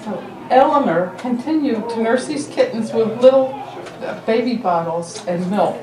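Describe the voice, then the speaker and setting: A woman sharing fond family memories at a memorial dinner, halting and trailing off as she speaks. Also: fairly high pitch, animated, crowd noise. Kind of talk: casual storytelling at a memorial dinner. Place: dinner gathering in a room. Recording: distant mic in an echoey, noisy room.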